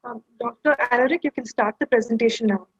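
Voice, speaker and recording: A woman moderating a webinar over a video call, politely asking the speaker to talk louder. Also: fairly high pitch, quick pace, slightly rough. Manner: polite, courteous. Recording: dull lo-fi call with faint music.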